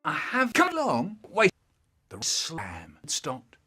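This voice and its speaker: A man narrates comic stories with a lively, sing-song pitch that leaps and drops. He sits a little higher than most men and is theatrical, flipping between sudden shouts and low mutters. Music plays clearly behind him. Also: takes it slowly. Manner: animated, theatrical, jumps between loud outbursts and mutters. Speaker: storyteller. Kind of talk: comic anecdote narration, chopped and remixed.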